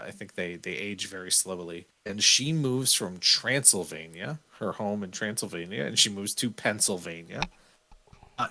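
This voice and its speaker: A man's voice: fairly low pitch, pushed and bright. A man hosting a podcast, talking casually in an easygoing, self-deprecating, joking way. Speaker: podcast host. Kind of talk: casual chat.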